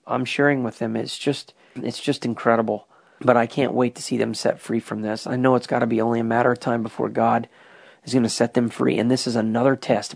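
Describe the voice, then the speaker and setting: A father keeps a spoken prayer journal, recording earnest, emotional, soul-searching reflections. His voice is medium-pitched, gravelly and a little mellow.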